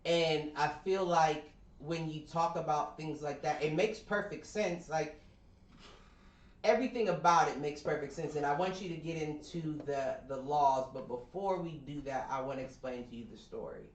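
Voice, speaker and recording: Male podcast co-host, casual storyteller, slightly high voice, roomy sound. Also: normal speed. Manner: animated retelling, acts out quoted voices.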